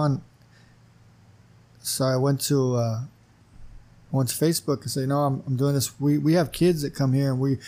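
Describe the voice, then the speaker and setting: Man, podcast guest, casual storytelling, acts out dialogue, mellow tone, fillers. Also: a little high. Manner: animated storyteller who acts out dialogue, many "you know" fillers. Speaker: wrestling commissioner and gym owner, podcast guest.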